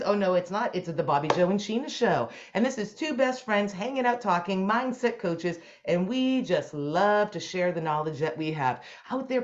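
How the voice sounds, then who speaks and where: Lively woman co-host on a dull video call. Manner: lively, swooping pitch, folksy. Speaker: co-host, mindset coach. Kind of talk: casual chat.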